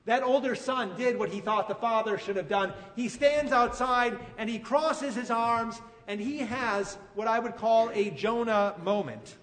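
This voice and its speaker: High-voiced man preaching in a reverberant hall. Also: unhurried, hardly any pauses. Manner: animated storytelling, rising to emphatic peaks. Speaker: pastor. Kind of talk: sermon.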